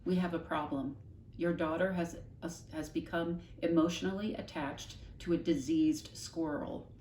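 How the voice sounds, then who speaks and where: A woman voicing an exasperated, commanding mother in a storybook, spelling out her words slowly and firmly. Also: deep voice, fairly even intonation, darkish tone, a little hiss or hum. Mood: patient. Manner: slow, word-by-word insistence. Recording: echoey room, mic at a distance.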